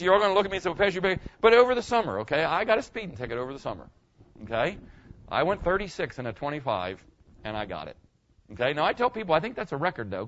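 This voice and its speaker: A man's voice: a little high, fairly bright tone, muffled recording. A man preaching a sermon as pastor, telling folksy stories and repeating his point straight to the congregation. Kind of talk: storytelling sermon.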